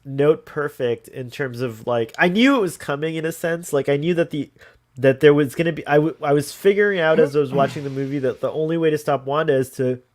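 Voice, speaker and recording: A man's voice: a little high, fairly quick, darkish tone. A man co-hosting a podcast, chatting casually and rambling with lots of "like" fillers. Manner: rambling, many "like" fillers, laughs easily. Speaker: podcast co-host. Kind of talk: casual chat.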